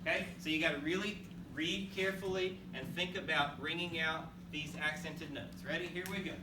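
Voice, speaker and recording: Far-off teacher's voice in an echoey band room. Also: male voice, on the high side, fairly even intonation, a little fast, hardly any pauses, background noise. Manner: encouraging, counts off beats and calls on students. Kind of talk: classroom instruction. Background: students and instruments.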